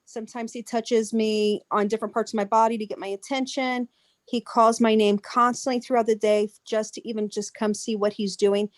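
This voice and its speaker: A woman's voice: a little high, level tone, fairly quick, no echo. Hesitant woman teacher on a video call. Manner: hesitant, searching, with many restarts. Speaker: child care teacher asking a question. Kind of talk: webinar question.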